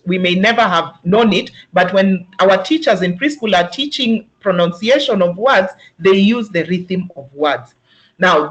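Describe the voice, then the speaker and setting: A speaker with a Kenyan accent and a mid-pitched, fairly bright voice leads an instructional webinar for teachers. The delivery is patient and explanatory, sounding out words slowly, syllable by syllable, to show their rhythm.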